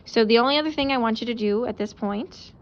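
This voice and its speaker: A woman teacher giving a casual recorded lesson, explaining out loud while she sketches examples. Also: fairly high pitch, fast, highs cut off.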